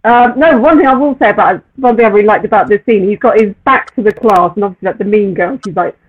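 Husky woman on a tinny line. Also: mid-range voice, quick pace. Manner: laughing, loud interjections. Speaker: podcast co-host. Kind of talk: casual chat over a call.

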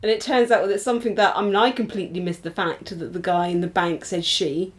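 A woman co-hosting a podcast in casual chat, relaxed, laughing easily and trailing off at the ends of thoughts. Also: fairly low pitch, fast. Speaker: podcast co-host.

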